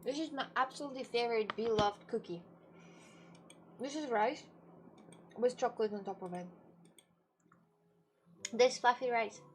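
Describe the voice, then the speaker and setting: A woman's voice: fairly high pitch, normal speed, long pauses. A young woman streamer chatting casually to her viewers, rambling and giggling often. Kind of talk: casual chat.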